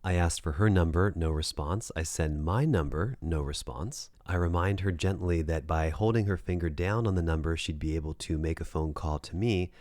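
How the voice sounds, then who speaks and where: A man's voice: low voice, moderate pace, few pauses, a little mellow, no echo. A man working as a dating coach, giving advice in a direct, conversational monologue and checking in with the listener.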